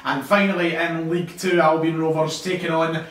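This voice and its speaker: A man's voice: fairly high pitch, little pitch movement, normal speed, a bit bright, far from the mic. A young Scottish man co-hosting a casual football podcast, joking and laughing often. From Scotland. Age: young adult. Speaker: podcast co-host. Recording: roomy, off-mic with faint hiss.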